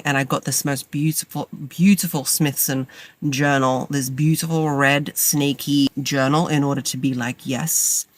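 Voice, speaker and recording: A woman in her thirties with a cold, hosting a podcast from a parked car, talking in a chatty, rambling and self-mocking way. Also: very deep voice. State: has a cold. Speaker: podcast host. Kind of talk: casual monologue to listeners. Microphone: makeshift mic setup.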